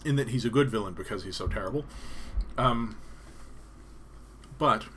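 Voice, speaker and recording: A man's voice: fairly low pitch, moderate pace, a bit bright, a little hiss or hum. A man from Canada chatting casually on a live stream, rambling and hesitant with frequent ums and restarts.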